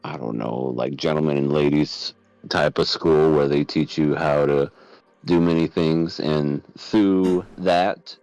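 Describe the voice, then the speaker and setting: A man's voice: extremely low pitch, steady tone, takes it slowly, a little mellow, dry recording, muffled recording. A man co-hosting an anime podcast, talking in a laid-back, rambling way with hesitant restarts. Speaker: podcast co-host. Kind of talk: casual chat.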